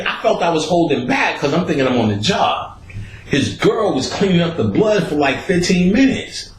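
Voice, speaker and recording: A man spins a rough street story in a loose, profane, streetwise way, his voice swinging up and down with the action. He sits at a middling pitch, and the room leaves a noticeable echo around him. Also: very animated, normal speed. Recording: roomy echo.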